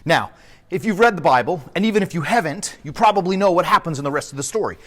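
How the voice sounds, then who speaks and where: Priest guy telling a story, lively ups and downs, long echo around him. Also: fairly high pitch, fast. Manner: animated, enthusiastic storyteller. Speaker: priest and podcast host. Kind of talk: storytelling sermon podcast. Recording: long echoey reverb.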